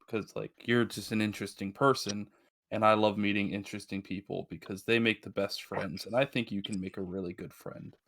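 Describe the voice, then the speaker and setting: A man voicing an eager bird-like character who talks in one flat, steady line, rambling on and restarting his sentences. His voice sits low for a man. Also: brisk. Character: Skippy, an eager chatty bird-like youth. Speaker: player. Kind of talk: playing a tabletop game in character.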